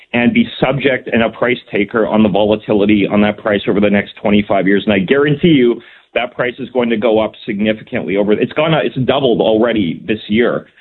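On a phone line to a radio show, a provincial cabinet minister with a voice on the low side answers interview questions. He speaks earnestly and emphatically, often saying "um" and restarting his sentences.

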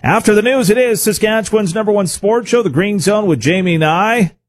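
A man's voice: high voice, fairly quick. A man, a radio host wrapping up a segment and announcing what comes next. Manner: smooth announcer delivery with promos.

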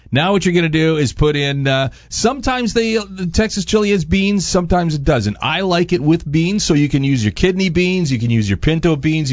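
Easygoing rambling chef, slightly muffled. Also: male voice, fairly high pitch, no room sound. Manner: rambling, easygoing, lots of fillers. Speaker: radio show host and resident chef. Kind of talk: casual cooking segment chat.

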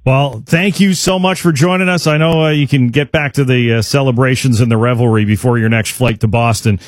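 A man hosts a sports radio show, talking in easy, joking banter. His voice sits at an ordinary middle pitch. The sound is dry and close to the mic. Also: steady tone, brisk, no echo. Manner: laughing, sarcastic banter. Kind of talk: casual sports radio chat.

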